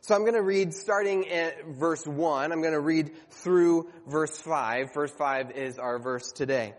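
Guy preaching in a church, kinda high voice, earnest and chatty, restarts his sentences, big echo off the walls. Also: measured pace. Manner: earnest, conversational with self-corrections. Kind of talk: sermon.

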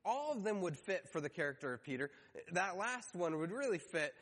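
A man's voice: sits high, big pitch swings, a little fast, a bit bright. A man preaching a sermon, telling the story and briefly acting out the voices in it. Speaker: pastor. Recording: long hall reverb.

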